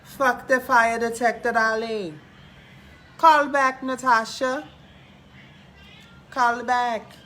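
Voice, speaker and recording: A man's voice: very high-pitched, steady tone, slow pace, long pauses, pushed and bright, exaggerated voice. A man voicing a brash, flamboyant female psychic hotline host with a drawl who says "darling" constantly. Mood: sassy. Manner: drawling, peppers every line with "darling".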